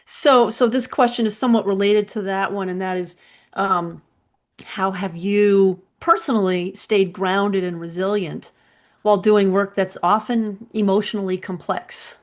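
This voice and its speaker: Woman host asking a measured question. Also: medium pitch, fairly even intonation. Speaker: podcast host. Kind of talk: interview question.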